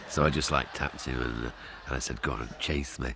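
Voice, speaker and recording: An older man tells an interview anecdote in a chatty, chuckling way. His voice is very deep with a gravelly edge, and faint noise sits behind him. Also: steady tone, fairly quick. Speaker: comedian interviewee.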